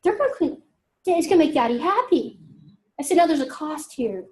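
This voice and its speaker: A high-pitched woman speaks to a group in a lively storytelling way. She acts out conversations and keeps asking her listeners questions. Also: brisk. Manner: animated, acts out dialogue, asks audience questions. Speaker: speaker giving a talk.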